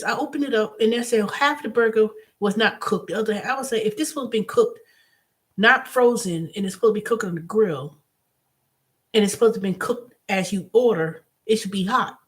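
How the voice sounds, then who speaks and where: Blunt, animated woman vlogger. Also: fairly high pitch, moderate pace. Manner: animated storytelling, blunt and profane. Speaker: host. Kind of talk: casual vlog monologue.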